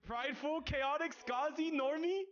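With a very high voice at a moderate pace, a young streamer goes through viewer messages casually. He's excitable, prone to loud outbursts and cursing, and stutters into frequent restarts, all over dull audio.

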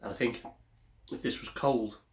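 A man's voice: mid-range voice, moderate pace. A man casually reviewing a beer on his vlog, rambling and often correcting himself. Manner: rambling, self-correcting, chatty. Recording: echoey room.

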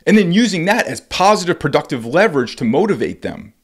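A middle-aged man hosts his own podcast as a baseball coach, speaking fairly quickly with a breathy edge. He's animated and conversational, often restarting sentences and repeating words, and acts out what players and coaches say with big jumps in pitch.

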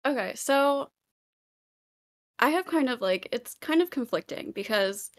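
A woman's voice: sits high, expressive, a little slow. A young woman, a guest on an online panel, talking casually and hedging her points with lots of fillers. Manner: rambling, hedging with many fillers.

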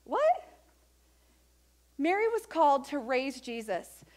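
A woman pastor preaching a sermon in a church, animated and acting out the voices of the people in her story. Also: high-pitched, normal speed. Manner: animated, acts out quoted voices of Mary and others.

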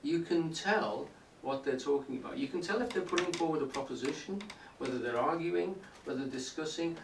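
A man's voice: a little high, a little fast, creaky. Man lecturing in an echoey room. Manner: explanatory, often checks in with the audience. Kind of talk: public talk on poetry. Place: indoor room with a live audience. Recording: roomy, distant, faint hiss.

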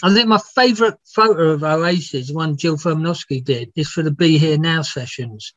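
A man's voice: fairly high pitch, normal speed, fairly bright tone, dry recording. A man, a music biographer, telling rambling, laughing anecdotes with some swearing in a casual interview. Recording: dull, dry lo-fi sound.

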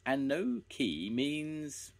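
An older man voicing a wistful, excitable young boy in a storybook reading. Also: on the high side, very slow, vocal fry, pitched above the performer's own voice, full character voice. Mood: sad.

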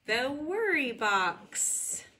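A woman teacher reading a picture book aloud to young children from her home, in an animated sing-song way. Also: high voice, very slow, a little hiss or hum. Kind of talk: children's story read-aloud.

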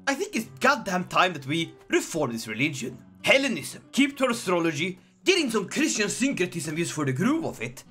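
A man giving jokey, excitable gameplay commentary, breaking into sudden shouted outbursts. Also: high voice, husky. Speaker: gaming video creator.

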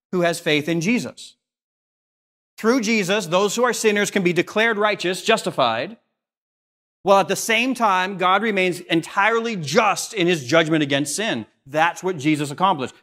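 In a church sanctuary, a pastor with a Canadian English accent preaches a sermon earnestly. His voice rises on questions and drops low and soft on the solemn lines.

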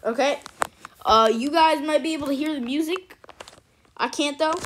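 Woman host, chatty game commentary, fairly high voice, faint hiss behind. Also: normal speed. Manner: excitable, chatty, cheering at wins. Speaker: gaming channel host. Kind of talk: casual let's-play commentary.

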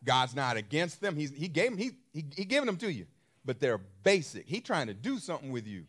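A male pastor delivering a sermon with features. His pitch rises and falls in big swings as he presses each point, repeating words and asking the congregation questions. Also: sing-song, a little fast, fairly bright tone. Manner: emphatic, repeats phrases, asks the congregation questions.

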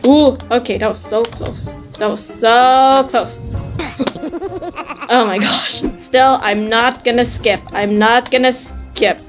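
A woman with a high, bright voice gives gameplay commentary. She is excitable and squeals and laughs often, with faint music playing behind her. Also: slow pace. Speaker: gamer.

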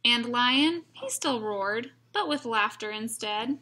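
A woman reading a rhyming picture book aloud, gently, pausing to comment to her listeners. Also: on the high side, lively intonation, a little hiss or hum. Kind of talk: rhyming read-aloud narration with asides.

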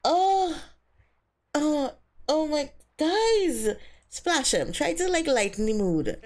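A woman giving casual, excitable commentary on a life-simulation game she is playing, often speaking the characters' thoughts aloud. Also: sits high, slow. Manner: excitable, gasping and squealing, voicing the characters' thoughts. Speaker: let's play host.

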